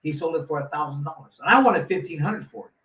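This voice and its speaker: Animated man telling a story in a roomy room. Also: on the high side, fast talker. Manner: animated, acts out quotes with lots of restarts. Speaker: guest storyteller. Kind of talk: casual storytelling. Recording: roomy echo, mic at a distance, faint noise.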